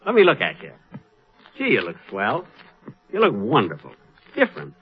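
A man hosting a scripted radio comedy, vain and easily wounded, drawing out comic pauses. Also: mid-range voice, huge pitch swings, slightly rough. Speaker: comedy show host. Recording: dull old radio recording with hiss.

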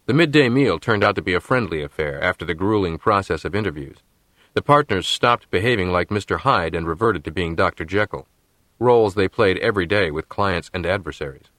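Deep-voiced male audiobook narrator. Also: expressive, a little fast, fairly bright tone, no echo.

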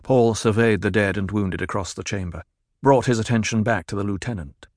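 A man narrates an audiobook with a measured, dramatic reading. His voice sits on the low side, and the recording is dry and close, without room reflections. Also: a little mellow, dry recording.

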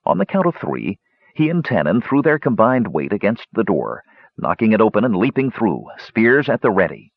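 A man narrating an audiobook with expressive storytelling. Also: fairly low pitch, normal speed, creaky, slightly rough, no room sound. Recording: dull lo-fi recording.

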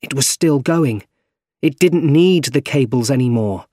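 A man reading a simple story aloud, slow, careful and plain. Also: mid-range voice, warm tone, no echo, clean studio sound. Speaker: narrator. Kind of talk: scripted narration of a graded reader.

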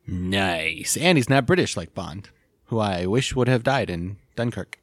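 A man's voice: lowish voice, lively intonation, unhurried, dry recording, clean studio sound. A man co-hosting a casual podcast, teasing and joking in short quips. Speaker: podcast co-host.

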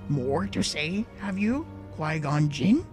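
A man voicing an ancient, small, wise male alien master who speaks slowly with inverted word order. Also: a little high, big pitch swings, faint music behind, exaggerated voice. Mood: solemn.

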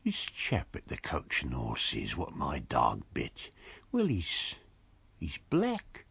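A man voicing a rustic village carrier who talks in slow, hushed, confiding country dialect. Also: very deep voice, wildly swooping pitch, creaky, slightly rough, dry recording, pitched below the performer's own voice, full character voice. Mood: conspiratorial.

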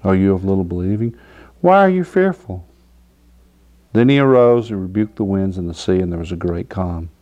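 A man's voice: sits low, fairly even intonation, quick pace, hardly any pauses, warm tone, muffled recording. A man preaching an informal sermon, reading scripture aloud and often asking the listeners if they understand. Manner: conversational, asks "do you understand?" often; acts out quoted figures with laughter.

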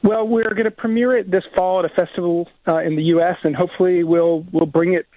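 A filmmaker speaks over a tinny phone line during a radio interview. He explains things earnestly and fluently. His voice sits high for a man and sounds dry. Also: fairly even intonation, quick pace, dry recording. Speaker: guest filmmaker.

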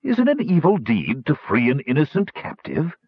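A man's voice: a little high, huge pitch swings, moderate pace, husky, no room sound, dull audio, pitched above the performer's own voice, full character voice. A man doing an ancient, eloquent dragon. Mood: pleading. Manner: grand, formal, pleading.

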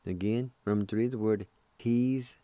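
Slow, patient man teaching. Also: on the low side, warm tone, no echo. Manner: slow, patient, spells words letter by letter and repeats them. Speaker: radio host teaching Cherokee. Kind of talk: radio language lesson.

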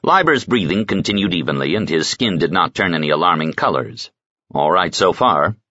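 A man narrating an audiobook in a dry, measured storytelling manner. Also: low-pitched, animated, bright, forceful tone, no room sound, lo-fi sound. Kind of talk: scripted narration.

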